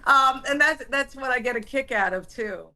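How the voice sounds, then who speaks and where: A woman's voice: high voice, normal speed, bright, forceful tone. A middle-aged woman, a former sports anchor, chatting candidly as an interview guest and laughing often. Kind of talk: casual interview chat.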